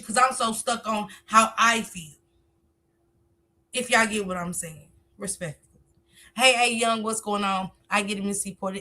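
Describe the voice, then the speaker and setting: A woman's voice: mid-range voice, bright, forceful tone. A woman hosting a casual live stream, talkative, reading viewer comments aloud and answering them.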